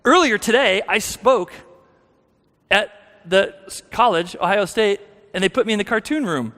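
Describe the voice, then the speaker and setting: A man's voice: high-pitched, animated, moderate pace, fairly bright tone. Man telling his story in a reverberant church. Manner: candid, self-deprecating storytelling with frequent restarts. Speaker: guest speaker. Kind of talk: personal testimony talk. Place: church sanctuary. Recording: long hall reverb.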